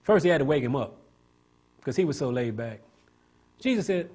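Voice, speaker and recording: A man's voice: mid-range voice, lively intonation, normal speed, a little mellow, breathy edge. A man preaching a sermon, pushing each point up into emphatic, rising climaxes and drawing call-and-response from the congregation. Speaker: pastor.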